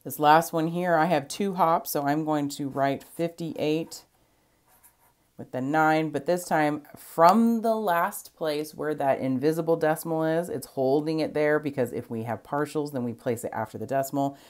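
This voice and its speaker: A woman with a strikingly low voice teaches a recorded math lesson. She explains patiently and step by step, counting aloud as she goes. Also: normal speed.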